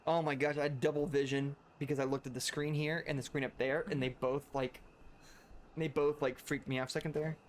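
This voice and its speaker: A man's voice: on the high side, flat delivery, brisk, slight background noise. A man chatting casually while streaming a video game, laughing often and rambling into asides. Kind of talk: casual gameplay chat.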